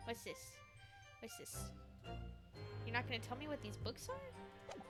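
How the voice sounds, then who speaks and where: A woman's voice: on the high side, wildly swooping pitch, normal speed. A woman casually commenting while playing a game, chatty and muttering to herself. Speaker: let's play host. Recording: loud game music behind.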